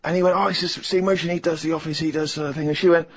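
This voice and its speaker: Speaking fast in a voice that's a little high, a thirtysomething man co-hosting a radio show shares a funny story. He acts out what others said and laughs mid-sentence in this casual chat, heard through slightly muffled radio audio.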